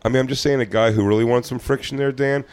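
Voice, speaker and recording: A man's voice: medium pitch, fairly even intonation, fast talker, a little mellow, clean tone, dry recording. Man, jokey podcast co-host, dry close sound. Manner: teasing, jokey. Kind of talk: casual comedic chat. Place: studio.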